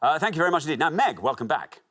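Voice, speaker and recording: A man's voice: fairly high pitch, big pitch swings, very fast, fairly bright tone. A man hosting a TV quiz show, chatty and jovial with the contestants. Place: TV studio.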